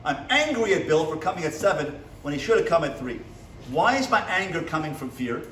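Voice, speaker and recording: Rabbi lecturing in an echoey classroom. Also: male voice, on the high side, big pitch swings, a little fast, fairly bright tone, a little hiss or hum. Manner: asks the audience questions and acts out little dialogues. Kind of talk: motivational lecture to a live class. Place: seminary classroom. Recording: echoey room from a distance.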